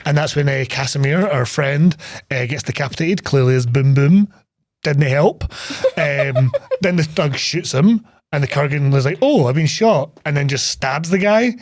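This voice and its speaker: A man recaps a film on a casual podcast, swearing freely and acting out the scenes. His voice sits fairly high for a man. The sound is dry and close, with no room around it. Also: no room sound. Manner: animated, swears freely, acts out film lines. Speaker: podcast co-host. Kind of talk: casual film-review chat.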